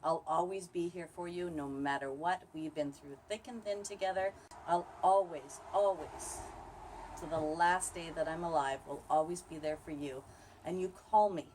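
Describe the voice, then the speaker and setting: Low-voiced woman, emphatic and heartfelt. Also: moderate pace, darkish tone, a little hiss or hum. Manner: emphatic, repeats phrases for effect. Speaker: close friend giving a video message. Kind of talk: heartfelt congratulatory speech.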